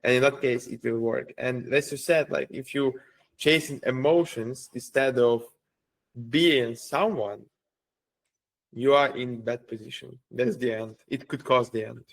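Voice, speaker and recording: A man hosting a podcast, speaking reflectively and haltingly, leaning on "you know, like.". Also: medium pitch, steady tone, gravelly. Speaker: podcast host. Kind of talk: casual podcast conversation.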